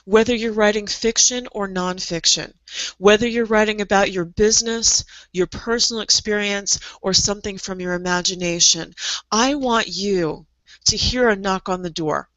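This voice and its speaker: A woman's voice: medium pitch, moderate pace, a bit bright, no room sound, highs cut off. A middle-aged woman coaching aspiring writers in a motivational online presentation, speaking earnestly and leading guided imagery with repeated phrases. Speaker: creative coach.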